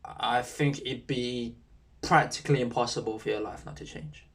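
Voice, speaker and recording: A man's voice: mid-range voice, steady tone, moderate pace, slightly rough. A young man, rambling casually in a self-improvement vlog, full of slang and swearing. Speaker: YouTuber.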